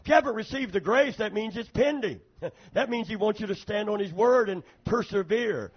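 A man preaching a sermon in a church, often calling for amens and swinging from quiet asides to fervent prayer. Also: high-pitched, normal speed, breathy edge. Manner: preaching with frequent calls for amen. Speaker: pastor. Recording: dull lo-fi sermon tape.

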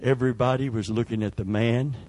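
An older man preaching a sermon as pastor, emphatic and calling for amens, with a husky voice. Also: mid-range voice, fairly even intonation, fairly quick, a little mellow. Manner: emphatic preaching with call-and-response.

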